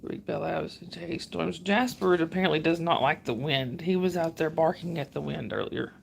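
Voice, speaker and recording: A woman's voice: low voice, moderate pace, gravelly, slight background noise. A middle-aged woman from northern Georgia with a Southern drawl, chatting on her livestream and answering viewer comments in a rambling, friendly way. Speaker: livestream host. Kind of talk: casual livestream chat.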